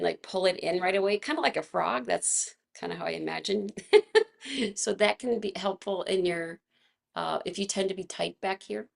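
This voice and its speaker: A woman leading a casual live online movement class, chatty and gentle, laughing often, her voice a little froggy from vocal fatigue. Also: mid-range voice, creaky.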